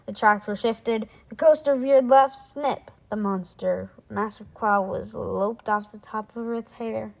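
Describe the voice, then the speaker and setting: A woman reading a children's chapter book aloud in a lively way, doing voices for the characters. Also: fairly high pitch, measured pace, vocal fry, few pauses, poor audio. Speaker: reader.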